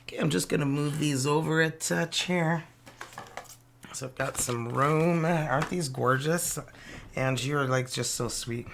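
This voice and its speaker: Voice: medium pitch, a little slow, gravelly, a little hiss or hum. A tarot reader from Canada with a Canadian accent, giving a casual, playful and exclamatory reading that mixes in French card names.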